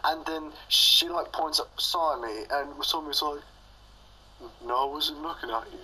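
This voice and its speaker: A man's voice: a little high, moderate pace, pushed and bright, a little hiss or hum, low-quality recording. A young man telling a funny story alongside a friend, rambling with lots of fillers and laughing along. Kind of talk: casual storytelling.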